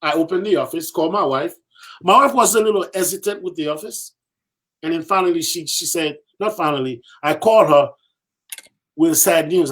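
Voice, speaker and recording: A man on a podcast tells a story with real animation, repeating phrases for emphasis and slipping into the voices of the people he quotes. His voice sits a bit high for a man. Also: a little fast, fairly bright tone, breathy edge. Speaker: podcast guest.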